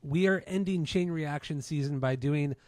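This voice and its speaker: A man's voice: a little high, normal speed, a little mellow, dry recording, studio quality. A man in his forties from Southern California, hosting a podcast in a laid-back, chatty way. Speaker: podcast host. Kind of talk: casual podcast chat.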